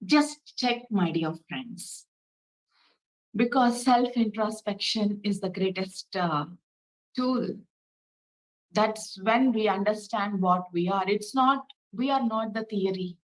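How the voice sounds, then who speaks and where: A woman giving a spiritual talk as a meditation teacher, asking gentle rhetorical questions and guiding a short meditation. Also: mid-range voice, slow, low-quality recording.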